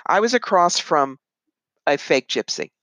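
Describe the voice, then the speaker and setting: A woman psychic medium and author, a guest in an interview, telling animated stories and putting on voices when she quotes people. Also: low-pitched, a little slow, no room sound, low-quality recording. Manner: animated, puts on voices when quoting others. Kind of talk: conversational interview storytelling.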